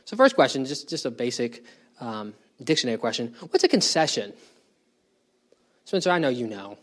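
A man's voice: medium pitch, sing-song, moderate pace. A man leading a bible study, explaining a passage in a conversational way and putting questions to his group. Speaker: bible teacher.

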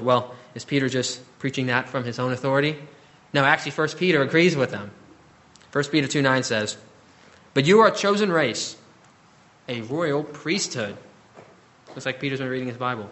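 A man preaching a sermon, earnest, asking the congregation rhetorical questions and swinging between emphatic peaks and hushed drops. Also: medium pitch. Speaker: pastor.

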